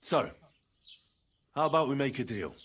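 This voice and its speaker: A man voicing a young healer who speaks calmly and bargains shrewdly. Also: medium pitch, normal speed, breathy edge. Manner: calm, persuasive, shrewd.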